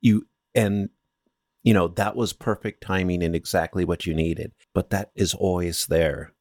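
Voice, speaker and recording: A man co-hosting a podcast, talking in a calm, reflective, philosophizing way. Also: low-pitched, a little slow, no echo, studio quality. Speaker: podcast co-host. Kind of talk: casual podcast chat.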